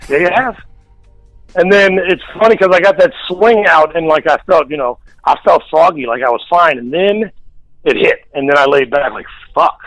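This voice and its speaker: A man's voice: fairly high pitch, moderate pace, a bit bright, no room sound, faint music behind, poor audio. A man telling a story in a casual radio interview, blunt and heavy on the profanity. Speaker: guest. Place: radio studio.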